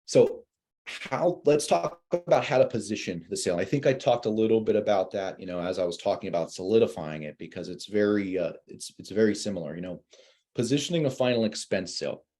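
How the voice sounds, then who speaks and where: A man, an insurance agent, telling sales stories in a casual, animated way and acting out callers in a higher voice. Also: fairly quick. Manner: many fillers and restarts. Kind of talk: casual webinar talk.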